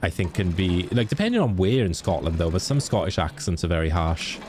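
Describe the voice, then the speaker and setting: A man's voice: low voice, animated, brisk, a little mellow, faint music behind. A man with a Welsh accent, a game streamer chatting casually and jokingly with his viewers. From Wales. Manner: chatty, joking, laughs easily. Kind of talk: casual chat with viewers while gaming.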